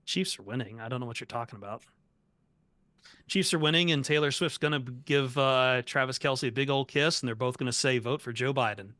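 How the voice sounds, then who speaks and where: Man, podcast host, bright and dry-sounding, quick joking asides. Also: medium pitch, no room sound. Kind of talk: casual podcast banter.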